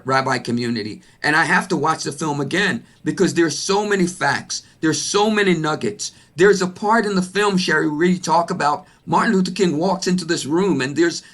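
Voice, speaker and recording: A man speaking as a panel guest on a video call, loud and excited, often repeating words as he builds momentum. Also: a little high.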